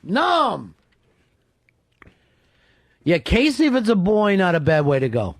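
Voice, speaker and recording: A man hosting a talk radio show, joking, profane and quick with teasing remarks. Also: sits high, big pitch swings, no echo. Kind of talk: casual talk radio banter.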